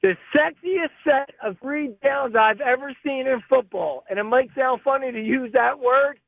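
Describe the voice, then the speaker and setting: An excited man calls in, his very high voice gravelly with fry. He sounds tinny over a phone line and keeps calling the host "bro" as he gets emotional. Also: moderate pace, no room sound. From Philadelphia area. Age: 50s. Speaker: caller. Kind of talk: excited call-in chat.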